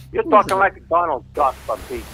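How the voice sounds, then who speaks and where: A man's voice: a little high, huge pitch swings, normal speed, sharp tone. A man on a phone call playing a victim, grumbling and irritated. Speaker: scambaiter posing as a victim. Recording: tinny phone line, faint music.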